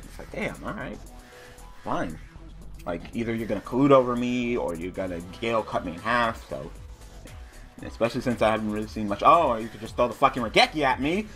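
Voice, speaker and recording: A man's voice: on the low side, lively intonation, fast talker, a bit bright, soft background music. A young man commentating his online card game, reading cards under his breath and ranting with frequent swearing when the draws go against him. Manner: frustrated ranting, heavy swearing; muttering while reading cards. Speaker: card game video host.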